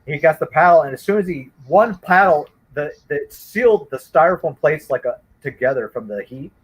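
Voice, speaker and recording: A man telling a childhood story in casual chat, rambling and animated, with many restarts. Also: fairly high pitch, normal speed, slightly rough, poor audio. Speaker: guest storyteller.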